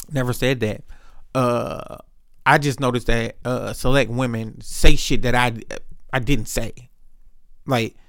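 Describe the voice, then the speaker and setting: A podcast host telling rambling personal stories in a casual solo monologue, full of slang and profanity. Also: male voice, medium pitch, vocal fry, fairly bright tone, smooth, no room sound, clean studio sound.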